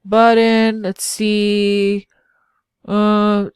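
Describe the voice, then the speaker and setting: A woman's voice: a little high, animated, a little slow, no room sound, clean studio sound. A woman web designer hosting a casual screen-share walkthrough of website builders. She talks in a chatty, self-deprecating way and thinks aloud as she clicks around. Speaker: web designer and channel host.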